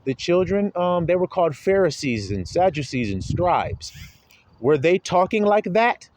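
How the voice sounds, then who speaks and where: A man's voice: high voice, sing-song, measured pace, darkish tone, rough recording. A man preaching a sermon, pressing his listeners with rhetorical questions and calling them his little flock.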